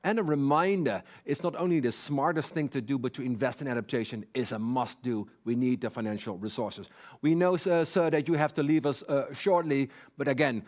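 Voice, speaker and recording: A man moderating a high-level panel, polite and courteous, pausing often with fillers. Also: a little mellow.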